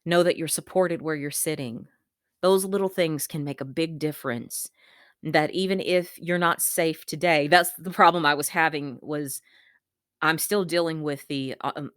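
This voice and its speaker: A woman talking candidly to camera in an earnest, gentle way, pausing and repeating herself as she shares a coping tip. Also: deep voice, no echo, clean studio sound. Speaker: vlogger sharing a coping tip. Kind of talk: candid personal talk to camera.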